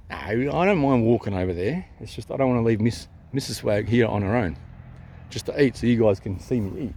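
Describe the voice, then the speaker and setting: An Australian man vlogging outdoors on a handheld camera, ranting in a swearing, repetitive way. His pitch swings widely as he goes from loud to hushed. Faint outdoor noise sits behind him. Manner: agitated, swearing, repeats himself, jumps between loud and hushed. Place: outdoors near a town. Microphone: handheld camera at arm's length.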